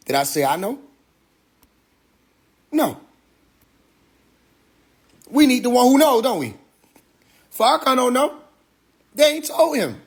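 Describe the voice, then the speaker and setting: A man's voice: extremely high pitch, big pitch swings, takes it slowly, long pauses, husky. A man hosting a livestream monologue, preaching with rhetorical questions and profanity. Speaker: livestream host. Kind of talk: Instagram Live monologue.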